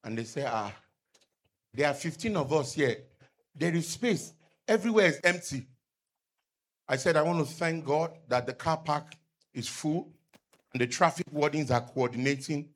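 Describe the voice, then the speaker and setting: A middle-aged male pastor, preaching a sermon with emphatic call-and-response and loud peaks. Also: on the high side, expressive, normal speed, pauses often.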